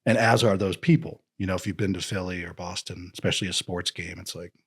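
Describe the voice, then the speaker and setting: A man's voice: sits low, steady tone, quick pace, a bit bright, breathy edge. A man chatting as a podcast guest, joking and slipping into comic voices. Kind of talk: casual podcast chat.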